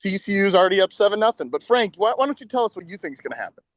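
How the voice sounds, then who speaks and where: High-voiced joking podcast host. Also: male voice, animated, no room sound. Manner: quick, joking, profane. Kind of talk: casual sports betting chat.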